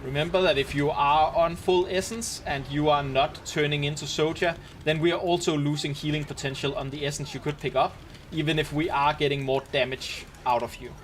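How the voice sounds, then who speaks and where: A man's voice: a little high, a little fast, a little hiss or hum. Danish man leading a game raid. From Denmark. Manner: relaxed, chatty, thinking aloud. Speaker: raid commander. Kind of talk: casual gameplay commentary.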